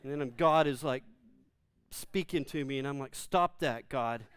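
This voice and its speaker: A man preaching a humorous sermon, animated and self-deprecating, acting out the quotes in his story. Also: mid-range voice, moderate pace, a little hiss or hum. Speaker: pastor.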